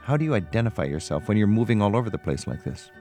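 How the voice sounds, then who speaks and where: A man hosting a radio travel show, asking questions in a relaxed, conversational way. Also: fairly low pitch, racing, soft background music. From United States. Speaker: host.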